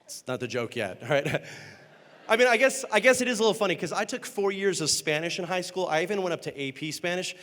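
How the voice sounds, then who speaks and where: A man giving a humorous storytelling keynote, acting out characters with quick voice changes and self-deprecating comic timing. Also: high-pitched, animated, fairly bright tone. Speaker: motivational speaker and entertainer. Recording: long hall reverb.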